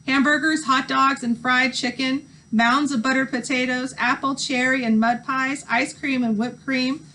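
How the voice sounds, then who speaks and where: A woman teacher reading a novel aloud to students with expressive narration. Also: high voice, a little slow, slight background noise, rough recording.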